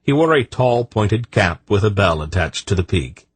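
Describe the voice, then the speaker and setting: A man narrating an audiobook in a measured, expressive storytelling manner. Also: fairly low pitch, husky, no room sound.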